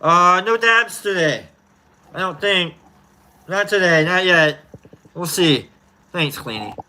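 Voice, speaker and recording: High, bright-voiced man chatting slowly. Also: poor audio. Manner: exclaims and sighs between loose, rambling remarks. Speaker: host. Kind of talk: casual chat.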